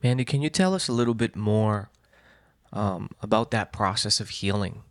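Low-voiced man asking gentle interview questions. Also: lively intonation, moderate pace, no echo, studio quality. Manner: gentle, hesitant, uses fillers.

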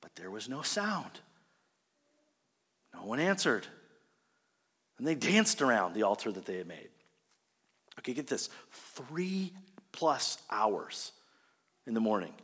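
A man preaching a sermon as a pastor, animated and conversational, often checking in with his listeners. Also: medium pitch, takes it slowly, pauses often, breathy edge, long reverb tail. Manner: animated, conversational, asks the congregation "right?".

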